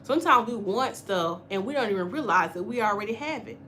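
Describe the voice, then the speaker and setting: Bright-voiced, animated woman hair stylist. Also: mid-range voice, brisk, a little hiss or hum. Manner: animated and chatty, acts out quoted voices. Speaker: natural hair stylist and channel host. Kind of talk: casual spoken hair-care class.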